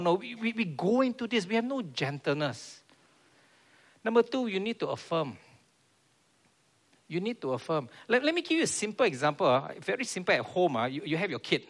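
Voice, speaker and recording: A man's voice: sits high, big pitch swings, a little fast. A man preaching a sermon in a church, earnest and repeating his key phrases.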